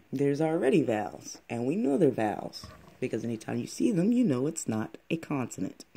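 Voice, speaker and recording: A man explaining in a casual, rambling monologue, halting often and restarting his sentences as he goes. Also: medium pitch, sing-song, creaky, warm tone, slightly rough. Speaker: channel host.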